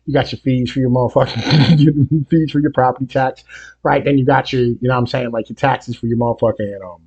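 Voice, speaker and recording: Hosting a music reaction video, a man from Appalachia speaks briskly in a mid-range voice with fairly even intonation and a breathy edge; the highs are cut off. He rambles through a profane rant full of fillers such as "you know what I mean," his volume and heat rising as he continues.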